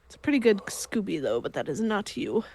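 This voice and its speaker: A woman's voice: medium pitch, very animated, fairly quick, a little mellow. A woman chatting casually on a livestream, emotional and rambling with lots of fillers. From United States. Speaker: co-host.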